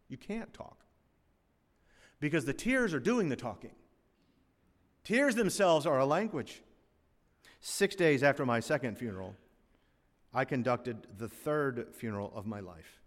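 Older preacher in a ringing hall. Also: male voice, mid-range voice. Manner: swells loud on key phrases, then drops to a hush; folksy asides and dry humor. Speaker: pastor. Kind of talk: sermon. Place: church sanctuary. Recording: long reverb of a large hall.

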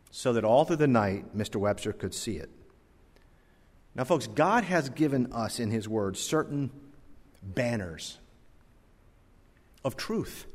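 A pastor preaching earnestly, telling a story in a sermon. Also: male voice, mid-range voice, in a large hall.

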